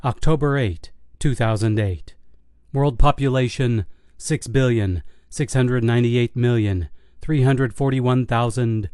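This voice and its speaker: A man reading a horror audiobook in a steady, measured storytelling manner. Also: medium pitch, smooth, no room sound, studio quality. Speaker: audiobook narrator. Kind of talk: scripted horror audiobook narration.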